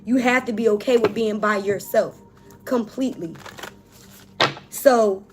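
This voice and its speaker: A woman's voice: on the high side, a little slow, music in the background. A woman giving an emotional spiritual tarot reading, talking casually and emphatically to her viewers. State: tearful, on the verge of crying. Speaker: tarot reader.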